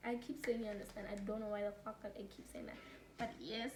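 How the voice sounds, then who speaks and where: A woman's voice: medium pitch, flat delivery, a little fast, slight background noise. A young woman from South Africa giving casual study tips, chatty and laughing, mixing English with Afrikaans. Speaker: student tutor. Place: home room during load shedding. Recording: echoey room, mic at a distance.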